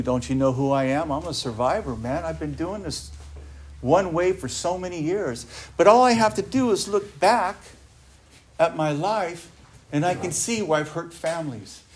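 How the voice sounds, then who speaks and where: A man's voice: fairly high pitch, slight background noise. A man giving an earnest recovery talk, speaking emphatically and often asking his listeners rhetorical questions.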